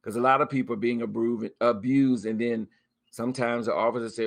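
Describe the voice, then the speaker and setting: Man preaching encouragement with swinging pitch. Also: steady tone, fairly quick, creaky. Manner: preachy, repetitive, with scripture quotes and soft laughs; pitch swings up and down a lot on emphasis. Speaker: host of a spiritual talk stream. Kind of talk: casual spoken encouragement. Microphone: webcam or phone mic, live stream.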